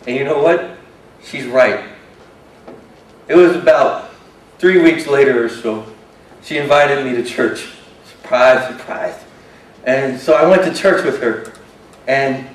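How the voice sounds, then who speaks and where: An actor playing a shy, self-doubting young man with a disability, telling his story haltingly and earnestly in a stage monologue. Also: medium pitch, lightly acted. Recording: roomy hall from a distance.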